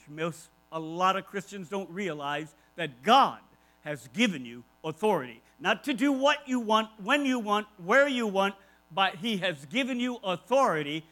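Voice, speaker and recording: A man's voice: high voice, expressive, normal speed, bright, forceful tone, low-quality recording. A man preaching a conversational sermon, emphatic and repeating key phrases, with asides to his listeners.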